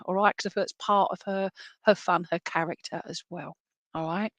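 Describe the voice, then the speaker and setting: A British woman working as a medium, gently passing on a spirit message and often checking in with "all right?" and "okay?". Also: lowish voice, steady tone, moderate pace, no room sound.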